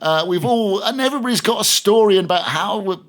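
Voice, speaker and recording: A man's voice: sits high, lively intonation, quick pace. A middle-aged man, a radio presenter, chatting as a podcast guest and telling stories with lots of restarts. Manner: rambling storyteller, many restarts. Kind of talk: casual interview chat.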